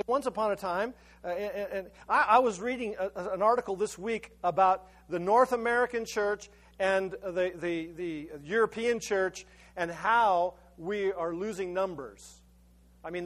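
A man's voice: high voice, moderate pace. A male pastor giving a conversational sermon, often stammering and restarting his words as he tells a story.

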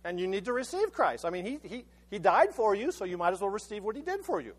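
Man, high voice, pastor, conversational sermon, stammering restarts, storytelling. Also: big pitch swings, fast.

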